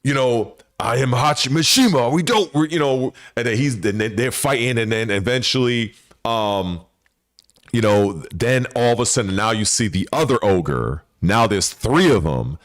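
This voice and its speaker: Male gaming host, lowish voice, dry close sound, loose and profane speculative riffing. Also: lively intonation, measured pace, no room sound. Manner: rambling and profane, with frequent restarts. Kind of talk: casual speculative commentary.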